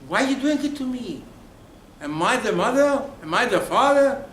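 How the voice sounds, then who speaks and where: A man's voice: sits high, expressive, a little slow, fairly bright tone, a little hiss or hum. A man acting out an exasperated prophet who protests angrily to God, with indignant, rising outbursts. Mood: outraged. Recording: echoey room with faint ambience.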